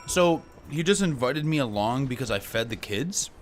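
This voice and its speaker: A man streaming a game live, talking excitably and profanely while he reads game dialogue aloud. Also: medium pitch, moderate pace, soft background music. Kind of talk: live gameplay commentary.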